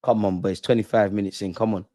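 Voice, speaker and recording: A man with a lowish, mellow voice speaks fast in a steady tone while hosting a live football watch-along. He talks emotionally at the players and referee on screen in casual slang, with some swearing mixed in.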